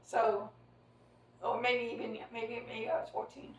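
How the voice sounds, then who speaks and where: A woman's voice: a little high, little pitch movement, unhurried, far from the mic, lo-fi sound. Rambling older woman telling a memory. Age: 60s. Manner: rambling, hesitant, with many fillers and restarts. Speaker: storyteller recounting family memory. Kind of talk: casual family conversation. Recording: echoey room, voice from away from the mic.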